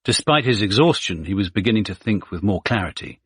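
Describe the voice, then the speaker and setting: A man narrating a suspense thriller audiobook in a steady, measured way. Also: lowish voice, husky, no room sound, studio quality.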